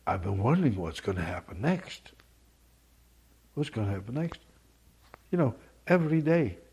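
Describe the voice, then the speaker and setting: Husky preacher with sudden loud outbursts. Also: male voice, a little high. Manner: swings between quiet musing and loud emphatic outbursts. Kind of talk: sermon.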